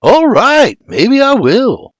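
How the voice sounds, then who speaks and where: A man's voice: very high-pitched, wildly swooping pitch, takes it slowly, dry recording, clean studio sound, voice pushed up, full character voice. A man voicing a charming young colonial farmhand who speaks cheerfully.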